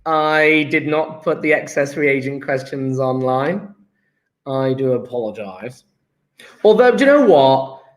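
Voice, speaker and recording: An animated male teacher with a medium-pitched voice speaks a little slowly in an echoey room. He jokes and chats with his online class on a live stream, taking the register and reading out what students type in the chat.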